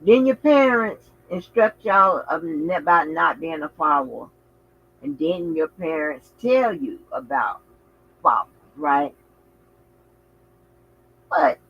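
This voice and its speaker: A man hosting a casual livestream, talking in an animated, outspoken way with frequent swearing and exclamations. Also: a little high, takes it slowly, gravelly, long pauses, breathy edge, muffled recording. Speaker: channel host.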